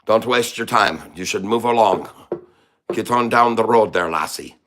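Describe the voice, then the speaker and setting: Cheeky Irish leprechaun as a streamer puts him on, put-on Irish accent, boastful and teasing, fairly low male voice. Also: normal speed, a bit bright, natural voice. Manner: cheeky, mock-tough, teasing chat viewers. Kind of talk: live-stream chat in a put-on voice.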